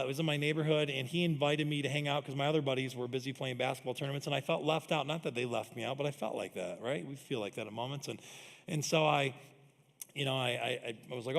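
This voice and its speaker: A man's voice: on the high side, gravelly. A man preaching a sermon as pastor, telling self-deprecating stories and laughing often. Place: church auditorium. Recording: long hall reverb.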